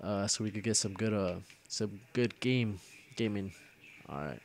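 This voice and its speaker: A man's voice: fairly low pitch, a little slow, slight background noise. A young man giving casual gameplay commentary as host of his own video series. He jokes, grumbles and trash-talks at other players.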